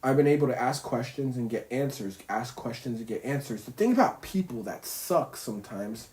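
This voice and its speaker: A man's voice: mid-range voice, lively intonation, moderate pace, a little mellow. A man livestreaming from his bedroom in a casual, rambling monologue, swearing freely, using slang and making little zooming sound effects. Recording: roomy echo.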